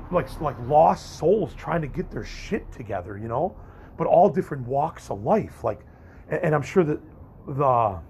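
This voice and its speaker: A man's voice: mid-range voice, a little mellow, slight background noise. A young man vlogging in a candid, rambling monologue to his viewers, swearing freely and restarting his sentences as he goes. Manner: candid, profane, rambling with frequent restarts and fillers. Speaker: vlogger and podcaster.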